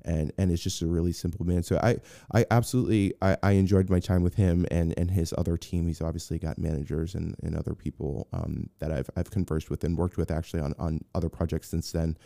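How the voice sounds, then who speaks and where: A man's voice: deep voice, steady tone, fast, vocal fry, few pauses, dark tone, no room sound. A man telling a long story in a casual interview, rambling with restarts and acting out what others said. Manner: rambling, many restarts, acts out quoted voices. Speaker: guest, film personal assistant.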